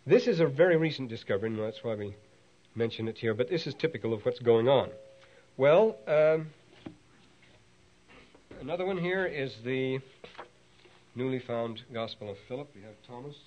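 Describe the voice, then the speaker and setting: A male lecturer in a hall, caught on a dull, lo-fi 1960s tape. He speaks at a middling pitch, wanders from point to point with fillers and restarts, and lifts his voice when he reads a quotation aloud. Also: expressive, normal speed, long pauses. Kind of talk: university lecture on ancient texts.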